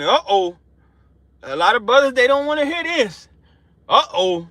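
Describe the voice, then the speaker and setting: Fervent high-voiced man preaching. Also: expressive, bright, forceful tone, dry recording. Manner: emotional, fervent, repetitive, slows down reading scripture. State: excited and sweating. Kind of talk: informal street sermon.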